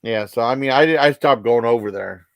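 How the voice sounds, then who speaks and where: A man in his fifties telling rambling personal stories as a vlog host, halting with many fillers and restarts. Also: mid-range voice, vocal fry, no echo.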